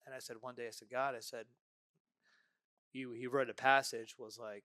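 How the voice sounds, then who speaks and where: A man's voice: medium pitch, normal speed, pauses often, no room sound. A man as a podcast guest, telling a story casually, acting out voices and asking "right?" often. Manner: animated, acts out dialogue, frequent "right?".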